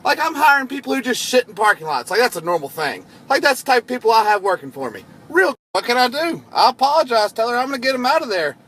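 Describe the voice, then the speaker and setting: A man telling a profane story in an animated way while driving at night. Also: extremely high pitch, fast, hardly any pauses, low-quality recording. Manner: animated, profane, laughing disbelief. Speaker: storyteller vlogger. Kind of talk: casual storytelling vlog. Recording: faint road noise in a vehicle.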